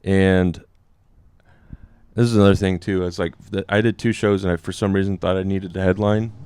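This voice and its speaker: A man's voice: steady tone, moderate pace, darkish tone, clean tone, dry recording. A young adult man, a guest comedian, tells a story in casual chat, rambling with fillers and acting out quotes. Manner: rambling, many fillers, acts out quotes in a higher voice.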